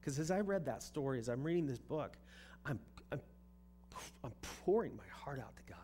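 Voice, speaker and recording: A man's voice: mid-range voice, animated, moderate pace, dark tone, a little hiss or hum. A man preaching a sermon in a conversational way, often repeating words as he restarts a thought. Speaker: pastor.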